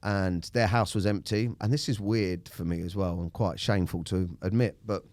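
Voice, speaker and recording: A man speaks haltingly about personal struggles, often stopping and restarting. His voice is low-pitched and recorded close and dry. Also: fairly even intonation, darkish tone, dry recording. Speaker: podcast co-host. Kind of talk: candid personal storytelling.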